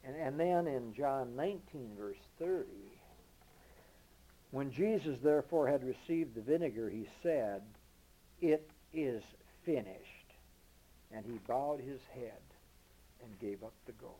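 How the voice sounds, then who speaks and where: A man preaching a sermon with emphasis, rising to loud declarations and dropping to low murmurs, reading scripture slowly and deliberately. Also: slightly rough, low-quality recording. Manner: reads King James scripture slowly and deliberately.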